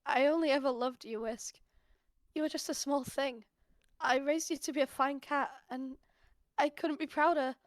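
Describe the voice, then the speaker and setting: A woman voicing a guilty, tender foster mother cat in a roleplay, speaking softly and haltingly. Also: medium pitch, dry recording, studio quality, lightly acted. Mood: sorrowful. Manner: soft, hushed, halting. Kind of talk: voice-acted roleplay.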